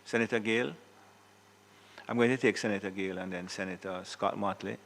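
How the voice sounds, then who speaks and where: Jamaican man chairing a senate session; gravelly, deliberate, formal. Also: on the low side, fairly even intonation, a bit bright, slight background noise. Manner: measured, occasional self-corrections. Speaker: presiding officer of the senate. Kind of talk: formal parliamentary tribute. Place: senate chamber.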